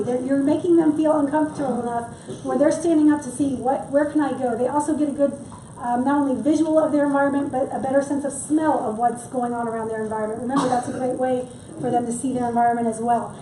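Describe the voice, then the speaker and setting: A middle-aged woman with a high, mellow voice and steady tone talks fast through a casual public wildlife workshop, adding jokes on the side. She's recorded from afar in an echoey room, with slight background noise.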